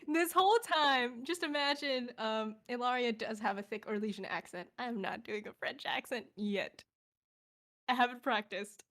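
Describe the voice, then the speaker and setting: A woman's voice: on the high side, moderate pace, fairly bright tone. Woman, tabletop player, breezy recap, laughs often. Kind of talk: casual chat.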